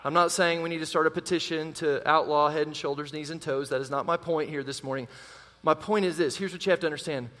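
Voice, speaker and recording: A man preaching a sermon as pastor, animated, calling out to the congregation. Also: on the high side, fast. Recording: long hall reverb.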